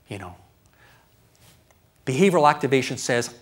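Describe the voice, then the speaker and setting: A middle-aged man, a doctor, giving a live health lecture to an audience in a chatty, animated way, often checking in with "right?". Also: mid-range voice, moderate pace, long pauses. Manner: animated, conversational, keeps asking "right?", acts out his own thoughts.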